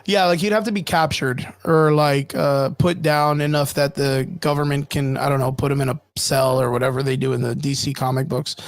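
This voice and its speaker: A man co-hosting a casual podcast chat, rambling and cursing through an animated fan rant. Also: medium pitch, brisk, few pauses, no room sound. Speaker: podcast co-host.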